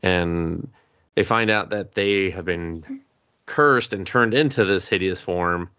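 A man co-hosting a podcast, casually recapping an anime plot with quick voiced quotes and some swearing. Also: sits low, smooth, dry recording, lo-fi sound. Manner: animated retelling with quick voiced quotes and laughs. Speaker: podcast co-host.

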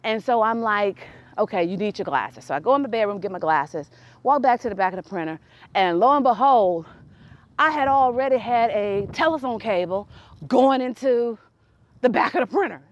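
A woman hosting her own podcast, telling a casual story in an animated way, laughing and reenacting dialogue with growing exasperation. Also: on the high side, moderate pace. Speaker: podcast host.

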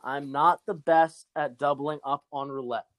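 A man's voice: on the high side, fairly even intonation, unhurried, no echo. A young man casually telling a long, profane gambling story to a friend.

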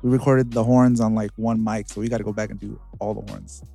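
A man's voice: on the low side, level tone, fairly quick, gravelly, warm tone, no echo, soft background music. A man who is a musician and bandleader, talking in an easygoing, casual way and often saying "man" and "like". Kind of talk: casual podcast chat.

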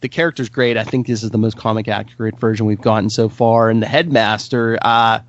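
A man speaks hesitantly in a casual film discussion and often repeats himself. His voice sits low. The audio is dry and slightly dull. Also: steady tone, fairly quick, no echo.

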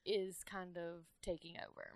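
A woman's voice: fairly low pitch, steady tone, a little slow, vocal fry, darkish tone, no echo. A young woman with a Southern US accent co-hosting a casual, irreverent podcast chat, joking and sarcastic. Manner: joking, sarcastic, laughs often. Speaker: podcast co-host.

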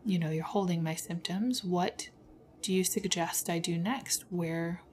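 A woman's voice: fairly low pitch, measured pace, slight background noise. A woman hosting a personal podcast, venting her frustration in an emotional monologue with bitter laughs, close to tears at moments. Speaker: podcast host.

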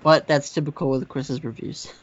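A man on a casual movie podcast who argues points and teases his co-host. His voice sits a little high for a man. The sound is dry and slightly dull. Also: steady tone, normal speed, dry recording. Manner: teasing, argumentative. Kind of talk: casual film review chat.

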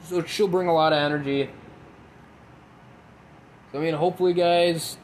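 A man's voice: fairly high pitch, steady tone, normal speed, a little hiss or hum, rough recording. A young man from Minnesota with a Minnesotan accent, hosting a podcast in a rambling, profane monologue, recorded on a phone inside a tin building. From Midwest, Minnesota. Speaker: podcast host. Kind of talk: casual solo podcast monologue.

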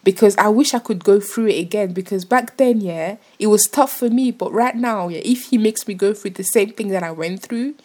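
Speaking at a moderate pace with hardly any pauses, a young female vlogger in a mid-range, darkish voice shares her faith with viewers. Her talk is sincere yet relaxed, meandering through plenty of fillers and restarts.

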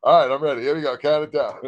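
A man's voice: fairly high pitch, fast, no room sound, dull audio. A man chatting as a guest in a casual interview, stumbling over words and laughing at his own slips. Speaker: guest musician.

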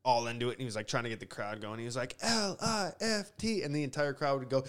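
A man's voice: mid-range voice, racing, clean tone. A man co-hosting a music podcast, chatting loosely with lots of fillers and swearing. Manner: rambling, swearing, many fillers. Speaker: podcast co-host. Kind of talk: casual chat.

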